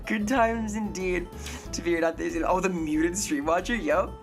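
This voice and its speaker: A young adult woman streaming live, chatting casually with viewers and getting excitable and sweary when thanking them. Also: fairly low pitch, measured pace. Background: faint music.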